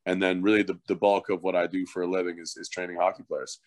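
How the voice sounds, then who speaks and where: A middle-aged former hockey fighter turned coach tells stories in a casual, profane podcast chat, animated throughout. He talks fast in a low voice, and there's no echo.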